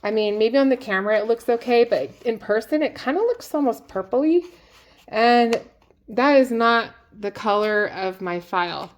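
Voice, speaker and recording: A woman who owns a small business, chatting to camera in a lively, emphatic, exasperated way as she shares advice from her mistakes. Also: on the high side, normal speed. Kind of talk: casual advice vlog.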